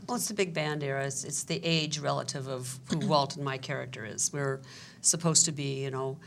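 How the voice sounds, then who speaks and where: Low, gravelly woman stage actor. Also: fairly quick, a little hiss or hum. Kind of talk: conversational interview.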